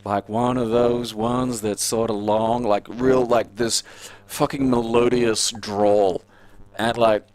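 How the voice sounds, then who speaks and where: A man's voice: medium pitch, flat delivery, takes it slowly, darkish tone. An Australian man streaming a game and chatting casually, rambling and profane with a sardonic edge. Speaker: gaming streamer. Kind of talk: casual gameplay commentary.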